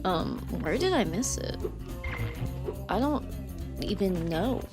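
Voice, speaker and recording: A woman gaming streamer chats casually while playing, her lively, medium-pitched voice moving slowly over background music. She rambles with frequent fillers, reads chat aloud, and is warm and effusive toward viewers.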